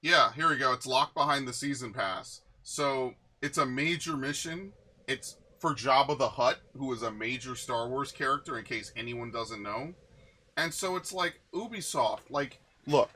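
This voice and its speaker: A man's voice: mid-range voice, bright, forceful tone. A man streaming a game, ranting with exasperation and lots of swearing. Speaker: gaming streamer.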